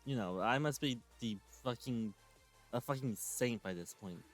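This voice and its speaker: A man's voice: mid-range voice, moderate pace, faint music behind. A man in his twenties giving a sarcastic, swearing rant while commenting on clips. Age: 20s. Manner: sarcastic, ranting, swears often. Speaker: commentary channel host.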